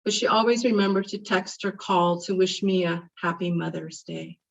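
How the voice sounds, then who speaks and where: A woman's voice: fairly low pitch, normal speed, creaky. A middle-aged woman delivering a heartfelt memorial eulogy, reminiscing about a dear friend. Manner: heartfelt, reminiscing, animated when retelling stories. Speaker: eulogy speaker. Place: memorial service. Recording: distant, muffled mic.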